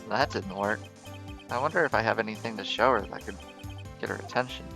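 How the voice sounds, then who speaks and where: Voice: medium pitch, fairly quick, gravelly, music in the background, pitched below the performer's own voice, close to an everyday voice. A streamer voicing a flustered young male defense lawyer, hesitant, stammering and apologetic. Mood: unsure. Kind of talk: visual novel voice reading.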